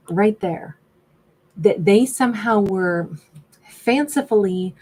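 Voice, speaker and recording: Chatty woman reading tarot, slightly low voice. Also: darkish tone, low-quality recording. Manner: chatty, conversational, self-correcting. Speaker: tarot reader.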